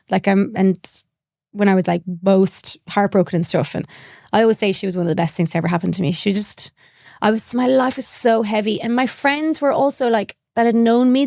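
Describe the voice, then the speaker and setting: A woman's voice: medium pitch, creaky, dry recording, studio quality. An Irish woman in her thirties, a comedian chatting as a podcast guest and telling stories with acted-out quotes. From Ireland. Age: 30s. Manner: animated storytelling with acted-out quotes. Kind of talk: casual chat.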